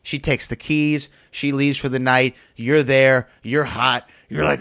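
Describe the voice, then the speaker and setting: A man hosting a podcast in casual chat, telling stories in an animated, teasing way. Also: mid-range voice, a little slow, few pauses. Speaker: podcast host.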